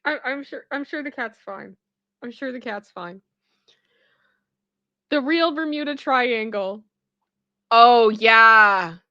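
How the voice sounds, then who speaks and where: A woman gives chatty, expressive reaction commentary and laughs easily. Her voice sits a bit high and sounds bright and sharp. The recording is dry, with a slightly dull, lo-fi tone. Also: slow pace, long pauses, no echo. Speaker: pop culture reaction host.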